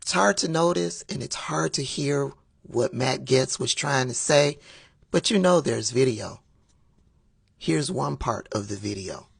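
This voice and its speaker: A woman giving casual political commentary in a sassy, drawn-out way, laughing at her own remarks. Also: extremely low pitch, animated, gravelly, breathy edge, dry recording, clean studio sound.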